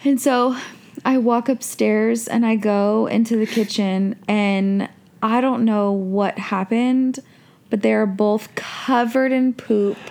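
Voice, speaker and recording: A woman tells a story in a relaxed co-hosted chat. Her voice sits a little high, and she stretches key words out for effect. She sounds animated and expressive throughout. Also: gravelly. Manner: animated, slows down for emphasis.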